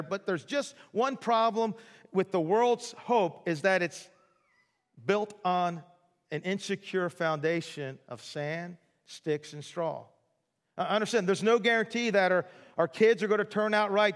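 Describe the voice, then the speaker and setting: A man's voice: high voice, fairly bright tone, long reverb tail. A male pastor preaching a sermon in a chatty, jokey storytelling way, full of asides to the audience.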